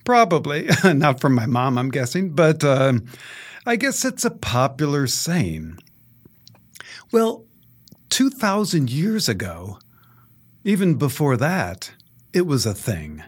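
A man's voice: fairly high pitch, very animated, takes it slowly, long pauses, slightly rough. A middle-aged male priest reading scripture and preaching in a conversational storytelling way, chuckling often.

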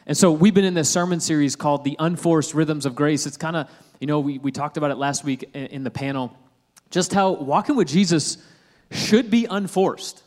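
A male pastor giving a sermon in a church auditorium, talking conversationally and slowing down to stress key words. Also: a little high, a little mellow, long reverb tail. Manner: conversational preaching with restarts and slowed emphasis.

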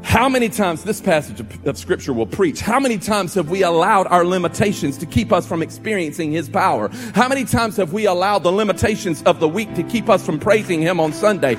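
High-voiced preacher in a reverberant hall. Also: male voice, lively intonation, fairly quick, few pauses. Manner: builds to loud, ringing emphasis. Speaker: pastor. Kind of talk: sermon. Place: church sanctuary. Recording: long hall reverb with faint music.

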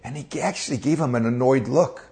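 A man delivers a conversational devotional teaching in a middle-pitched, gravelly voice. He talks earnestly and directly to the listener, asks rhetorical questions and often restarts or repeats words mid-sentence. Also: a little fast, a little mellow. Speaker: preacher.

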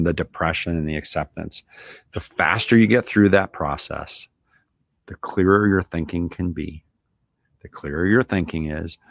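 Deep, gravelly man talking casually. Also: no echo. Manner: loose, conversational, lots of "you know" and "right?". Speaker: business owner and show host. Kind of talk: casual coaching monologue.

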